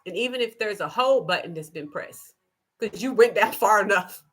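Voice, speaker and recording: A woman hosting a spiritual live stream, speaking in an impassioned monologue with emphatic, repetitive, preacher-like phrasing and gentle asides. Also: medium pitch, animated, normal speed. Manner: shifts into soft, gentle asides to her child.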